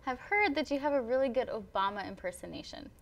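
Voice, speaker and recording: A woman's voice: on the high side, animated, quick pace, vocal fry, lo-fi sound, slight background noise. A young woman hosting a student talk show, chatty and playful as she interviews and introduces guests.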